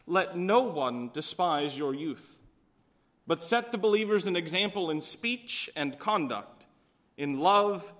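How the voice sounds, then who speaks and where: A man preaching from the pulpit in a high, bright voice. He tells stories and gives each speaker in them a voice of its own. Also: lively intonation, slow. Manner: storytelling with voiced quotes. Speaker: pastor. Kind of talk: sermon.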